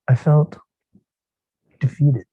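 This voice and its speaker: A man giving a dramatic storytelling speech at a contest, expressive, with drawn-out pauses and hushed tender passages. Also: on the high side, slightly rough, dry recording, phone-quality sound. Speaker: contest speaker.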